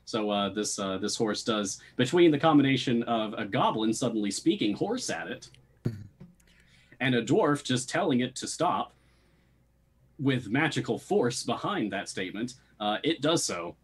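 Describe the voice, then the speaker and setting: A man acting as game master, narrating a tabletop role-playing game in a relaxed, easygoing way. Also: mid-range voice, moderate pace, breathy edge.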